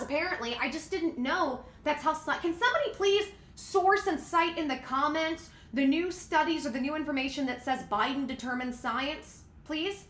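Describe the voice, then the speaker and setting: A woman's voice: high-pitched, a bit bright, echoey room. A woman giving heated, sarcastic commentary, talking back at the clips she reads out. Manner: indignant, sarcastic, talks back at quotes. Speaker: political commentary vlogger.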